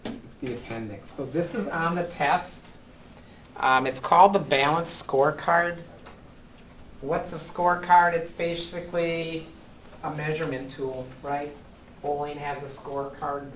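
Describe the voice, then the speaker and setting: Male instructor, classroom lecture, slow unhurried pace, halting with frequent ums. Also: fairly high pitch, steady tone, a bit bright, slight background noise, rough recording. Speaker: college accounting instructor.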